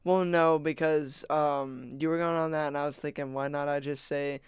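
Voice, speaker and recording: A woman co-hosting a casual podcast chat, relaxed and easygoing, laughing easily and swearing casually. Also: low voice, moderate pace, clean tone, no room sound, studio quality. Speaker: podcast co-host.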